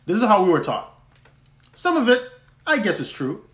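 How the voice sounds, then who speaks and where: Young man, podcast host, personal story, chatty and restarting often, slightly high voice. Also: very animated, moderate pace, fairly bright tone. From U.S. Virgin Islands. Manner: conversational, many restarts, laughs easily. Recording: roomy echo.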